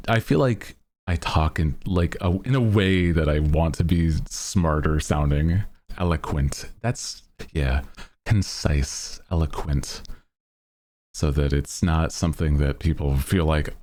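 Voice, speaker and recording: A man's voice: rumbling low, gravelly, darkish tone. A male streamer in casual chat. He rambles with lots of "like" fillers, his phrases lilt upward at the ends, and he laughs at himself often. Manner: rambling, heavy use of "like" fillers; self-mocking, laughs at himself.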